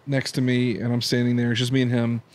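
A man's voice: mid-range voice, monotone, fast talker, a little mellow. A man in his thirties co-hosting a church podcast, telling rambling anecdotes in casual chat. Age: 30s. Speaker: podcast co-host.

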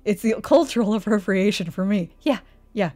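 A woman's voice: medium pitch, animated, normal speed, mellow. A woman streamer giving live commentary on house listings, mock-outraged and exasperated. She swears, laughs often and fires off rhetorical questions. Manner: reacting aloud, asking rhetorical questions.

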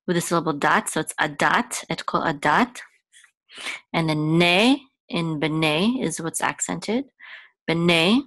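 A woman teaching, who gives slow, patient explanations and chants names and words in a singing voice. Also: deep voice, no echo. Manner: slow, patient explaining with soft asides between sung names. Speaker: Hebrew teacher. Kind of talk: chanting lesson with spoken explanations.

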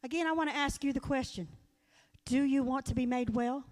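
A woman's voice: sits high, a little fast, darkish tone. A woman delivering a folksy, earnest sermon in church, telling stories and appealing directly to her listeners. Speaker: guest speaker at church. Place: church sanctuary. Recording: long hall reverb.

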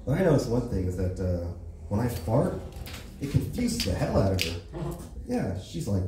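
On a comedy club stage, a man from the Los Angeles area does stand-up in a medium-pitched, sing-song, dark-toned voice at a moderate pace. He tells profane stories casually, tagging lots of lines with "right?", picked up by a distant mic in an echoey room with slight background noise.

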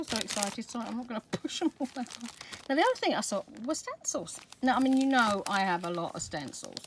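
A middle-aged Scottish woman chatting through an unboxing of craft supplies, gushing with excitement and dropping to soft whispers over favourite pieces. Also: a little high. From Scotland. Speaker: craft vlogger. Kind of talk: product unboxing chat. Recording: background noise with crinkling packaging.

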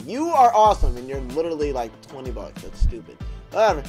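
A man's voice: medium pitch, very animated, fast, darkish tone. A man hosting a gaming channel who gives profane let's-play commentary and rants and swears whenever the game goes against him. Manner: swearing, frustrated ranting. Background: game music.

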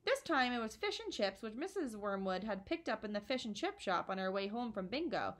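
A woman reading a children's book aloud to her listeners in a warm, expressive way. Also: medium pitch, a little fast. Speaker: storyteller.

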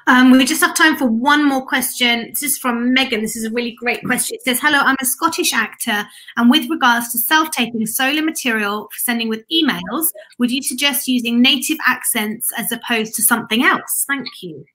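A woman's voice: fairly high pitch, fairly quick, hardly any pauses, pushed and bright. A woman hosting a live-stream Q&A over a video call, enthusiastic and effusive as she reads out viewer questions and thanks.

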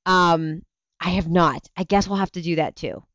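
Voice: medium pitch, fairly even intonation, normal speed, a bit bright, no room sound, lo-fi sound. A tired parent hosting a casual livestream, rambling chattily through viewer comments with plenty of restarts and easy laughs. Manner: rambling, chatty, self-interrupting, laughs easily. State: tired, yawning. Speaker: livestream show host; parent of young kids.

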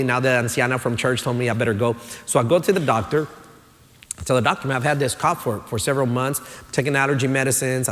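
A man pastor, preaching a sermon, who tells stories in a relaxed way and builds up to emphatic points. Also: mid-range voice. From Texas, USA. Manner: conversational storytelling, builds to emphatic. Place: church sanctuary. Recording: long church-hall reverb.

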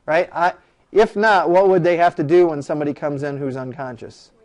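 A man teaches a law class in a classroom, his voice sitting a little high. He talks in an animated, joking way and keeps throwing rhetorical questions at the students. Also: brisk. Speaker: law lecturer. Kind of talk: classroom lecture.

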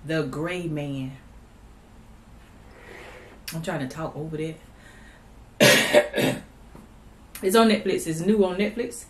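A low-voiced woman chats easygoingly to her viewers between bites of food, humming as she chews. The sound comes from a laptop mic in a roomy, echoing space with a faint hiss underneath. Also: takes it slowly, long pauses. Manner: chatty, talks while eating, hums between bites. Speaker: vlogger. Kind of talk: casual eating vlog chat. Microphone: laptop built-in mic. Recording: roomy laptop recording with faint background noise.

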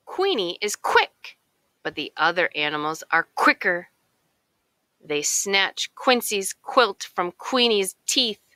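A woman reading a children's picture book aloud in a slow, expressive storytelling way. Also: mid-range voice, dry recording. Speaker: narrator.

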